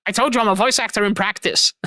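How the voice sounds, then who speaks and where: Effusive young woman streamer, bright, dry. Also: medium pitch, no room sound. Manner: effusive, rambling, repeats thanks. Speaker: streamer host. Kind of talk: casual live-stream sign-off chat.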